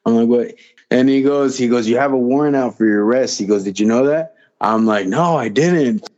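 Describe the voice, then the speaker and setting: Male podcast guest, casual rambling storyteller who acts out dialogue, average pitch, muffled lo-fi mic. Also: brisk, darkish tone. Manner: rambling, repeats phrases, acts out quoted dialogue. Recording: slightly dull lo-fi audio.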